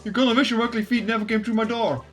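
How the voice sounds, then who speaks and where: A streamer voicing a hot-tempered male mob boss in a game, threatening in loud street slang. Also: medium pitch, fairly even intonation, rapid-fire, faint music behind, lightly acted. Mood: menacing.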